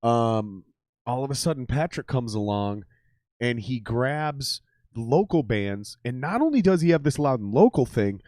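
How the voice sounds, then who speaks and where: A man's voice: mid-range voice, lively intonation, measured pace, darkish tone, no room sound. Male host, casual and profane, laughs a lot, dry close mic. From Minnesota. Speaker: podcast host. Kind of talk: casual live-stream banter.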